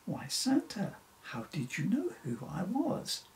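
A man reading a children's story voices a curious, excited little girl. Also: high-pitched, slow, in a whisper, voice pushed up, exaggerated voice. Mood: amazed. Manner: eager, wondering storybook delivery.

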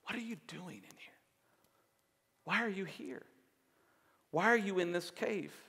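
A man voicing God as a low, hushed presence asking slow questions. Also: long reverb tail, lightly acted. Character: God speaking low and soft to a hiding prophet.

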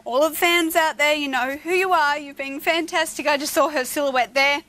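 An Australian woman hosting a live call-in television quiz, chatty and playful and quick to laugh. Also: sits high, fairly even intonation, bright, forceful tone. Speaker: quiz show host. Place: television studio.

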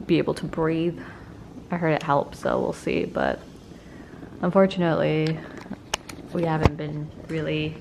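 A woman's voice: sits low, gravelly. A congested woman chatting casually to her vlog camera at home, laughing now and then as she talks. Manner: chatty, laughs between lines. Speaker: vlogger. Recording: steady noise from a steamer.

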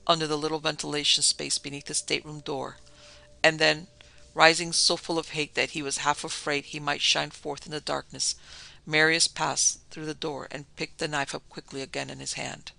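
A man narrating a classic horror story in a measured, dramatic storytelling manner. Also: on the high side, level tone, gravelly, sharp tone. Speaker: podcast narrator.

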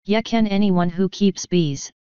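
A woman's voice: mid-range voice, mellow, clear, resonant tone, no echo, highs cut off, close to an everyday voice. Woman voicing a stern old fairy matriarch. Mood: commanding. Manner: slow, commanding, canny. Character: ancient tiny Scottish-voiced fairy clan mother, stern.

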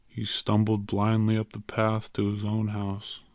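A man reads a story aloud in a low, level voice that barely rises or falls. His delivery is measured and even, and the recording is close and dry, with no room sound. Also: dry recording. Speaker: audiobook narrator. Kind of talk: scripted narration.

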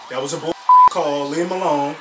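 Animated man reacting in an echoey room. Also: fairly high pitch. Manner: animated, laughing often, slangy exclamations. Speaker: sports reaction video host. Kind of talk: casual reaction commentary. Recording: echoey room, mic at a distance, faint background hiss.

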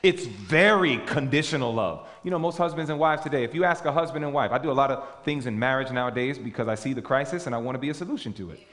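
A man preaching a sermon, emphatic and animated, questioning his audience as he goes. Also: medium pitch, quick pace. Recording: reverberant hall.

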